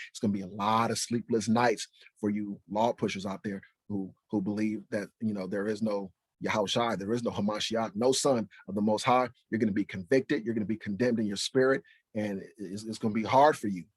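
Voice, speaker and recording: Man, emphatic Bible preacher, husky voice, dry close sound. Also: on the low side, no echo. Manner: emphatic, fires rhetorical questions, keeps asking "right?". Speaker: Bible teacher. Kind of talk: preaching to camera.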